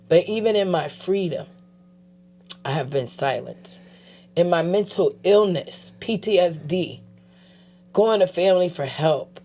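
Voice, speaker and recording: A woman guest telling her personal story in a casual interview, animatedly acting out other people's voices and dropping quiet when she turns serious. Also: fairly low pitch. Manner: animated, acts out quoted voices. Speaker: guest, advocate.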